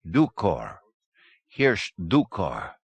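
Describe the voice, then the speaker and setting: A man voicing a slow, condescending old man with a Slovenian accent. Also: deep voice, wildly swooping pitch, vocal fry, husky, no room sound, muffled recording, full character voice. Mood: cold.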